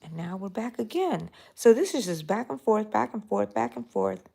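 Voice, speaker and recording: A middle-aged woman hosting a live crochet tutorial, talking softly and mellowly, sometimes drifting into a whisper as she works. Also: medium pitch, animated, moderate pace, creaky, husky. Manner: soft, mellow, drifting into whispers while counting stitches. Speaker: crochet channel host.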